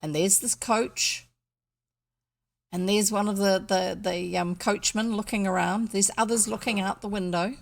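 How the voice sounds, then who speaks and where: A woman with a New Zealand accent reads a classic children's novel aloud. She keeps it relaxed and drops in small asides of her own. Her voice sits at a middle pitch. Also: measured pace, vocal fry. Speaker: audiobook reader.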